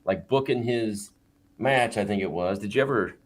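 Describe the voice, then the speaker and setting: A man's voice: on the low side, moderate pace, slight background noise. A man hosting a live video call show, easygoing, reading viewer questions and fiddling with screen sharing. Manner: easygoing, reads chat questions aloud. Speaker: host. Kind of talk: casual live show chat.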